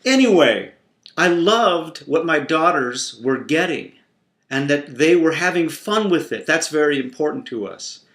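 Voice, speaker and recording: Man telling a faith story, slow and lively, pretty echoey room. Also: on the high side. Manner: warm, playful, expressive storyteller. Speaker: Christian teacher. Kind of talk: devotional storytelling. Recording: roomy echo.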